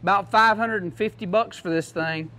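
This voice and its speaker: A man's voice: high-pitched, moderate pace, pushed and bright. A man giving a casual, joking product demo to a class, in a folksy manner. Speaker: product demonstrator.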